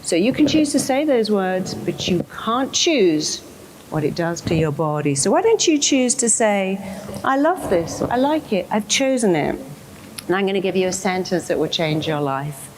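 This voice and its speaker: A woman's voice: lowish voice, animated, moderate pace, noisy background. A woman therapist giving a motivational talk to an audience, speaking emphatically and acting out the inner voices of her listeners.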